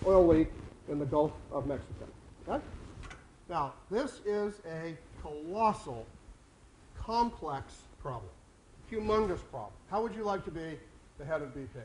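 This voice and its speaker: Male speaker, high voice, emphatic, addressing a live audience with rhetorical questions. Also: a little hiss or hum. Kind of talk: conference talk.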